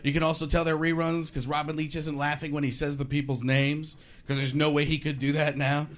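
A male stand-up comedian telling animated, sarcastic stories on a club stage. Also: on the high side, fairly quick. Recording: live club with audience laughter.

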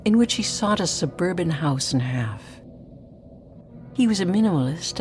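A woman telling a personal story in a dramatic spoken-word style, often dropping into hushed whispers. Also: low-pitched, slight background noise.

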